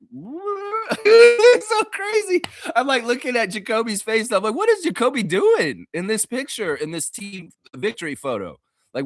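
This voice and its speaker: A young man hosting a casual fan show, excitable, laughing often and mimicking others in high squeaky voices. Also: no room sound, studio quality. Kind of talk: casual fan talk stream.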